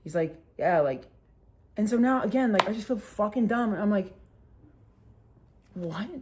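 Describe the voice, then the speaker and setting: A woman's voice: medium pitch, quick pace, background noise. A young woman in her twenties telling a casual storytime vlog, animatedly acting out what others said and swearing freely. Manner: animated retelling, acts out quotes, swears freely. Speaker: vlogger.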